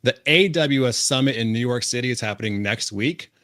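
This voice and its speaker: A man's voice: medium pitch, a little fast, a bit bright, no echo, studio quality. A man co-hosting a casual livestream, upbeat and talking straight to the viewers in chat. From California. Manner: upbeat, talks to the chat audience. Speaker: co-host.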